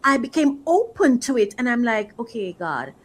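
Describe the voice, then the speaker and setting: High-voiced emotional woman faith coach. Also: expressive, moderate pace, slight background noise, rough recording. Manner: emotional, repeats phrases for emphasis. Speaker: faith-based life coach. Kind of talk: motivational faith talk.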